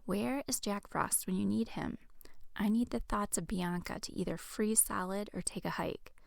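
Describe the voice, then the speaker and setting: A woman reading her own romance novel aloud in a soft, hushed first-person narration. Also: medium pitch, normal speed, vocal fry, no room sound, studio quality. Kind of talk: audiobook narration.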